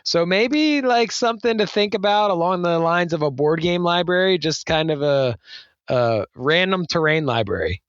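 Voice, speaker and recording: Higher-voiced chatty male co-host. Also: normal speed, dry recording, lo-fi sound. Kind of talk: casual chat.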